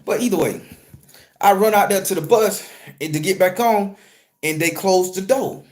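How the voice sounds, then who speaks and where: A man with a fairly high voice recounts a dream in a loose, profane monologue. He jokes in streetwise slang, bursts loud and excited, then drops to a quiet, low murmur. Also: normal speed. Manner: crude, joking, streetwise slang. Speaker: spiritual content creator and tarot reader. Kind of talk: casual profane storytelling monologue.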